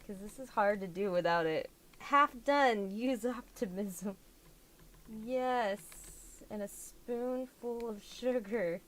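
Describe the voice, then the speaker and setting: A young doll hobby vlogger chats casually at home while handling a fiddly craft, exclaiming now and then as she works. Her voice sits in the mid range, and slight background noise can be heard.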